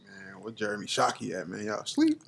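A man's voice: lowish voice, wildly swooping pitch, fairly quick, vocal fry, slight background noise. A man, cussing and wisecracking in casual podcast banter.

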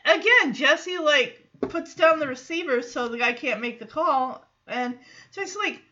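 A woman hosting a podcast, recapping an episode in a casual, animated way and acting out quotes. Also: unhurried, dull audio. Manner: animated, acts out quotes in lowered voices. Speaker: podcast host.

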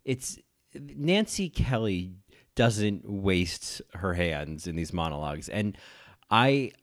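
Low-voiced man gushing about a film. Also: slow pace. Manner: animated, gushing, campy asides. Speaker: podcast host and film reviewer. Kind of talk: casual film commentary.

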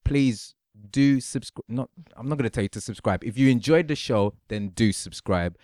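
A man's voice: mid-range voice, moderate pace, a little mellow, dry recording, clean studio sound. A man from the UK hosting a casual podcast chat, probing with rhetorical questions. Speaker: podcast host.

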